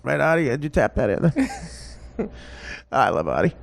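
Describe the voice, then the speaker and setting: A man's voice: mid-range voice, sing-song, unhurried, gravelly, pitched below the performer's own voice. A man doing a comedic impression of a rambling, bumbling show regular who stumbles over crude questions and corrects himself. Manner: stumbling, self-correcting, giggling. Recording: noisy recording.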